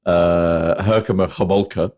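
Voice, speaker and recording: A man's voice: low-pitched, fairly even intonation, a little slow, a little mellow. A man hosting a casual film review podcast, chatty and full of trivia, quoting lines in put-on voices. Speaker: podcast host.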